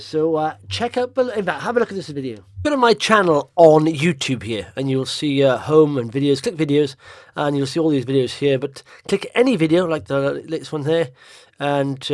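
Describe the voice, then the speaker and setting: A man's voice: a little high, lively intonation, moderate pace, no echo. A man hosting a casual stock-picking video, talking over charts in a chatty, rambling way with blunt opinions, tired after a long drive.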